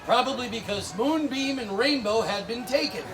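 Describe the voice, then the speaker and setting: A man performing rowdy comic storytelling on an outdoor stage, teasing the audience between lines. His voice sits very high. A live crowd and steady background noise fill the recording. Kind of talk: live comedic storytelling with spoonerisms.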